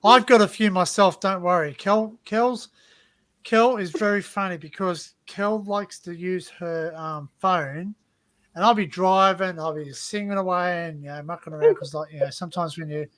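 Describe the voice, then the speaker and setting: A man's voice: sits high, normal speed, fairly bright tone. An Australian man hosting a casual livestream panel chat over a video call, rambling and laughing as he repeats himself. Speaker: host.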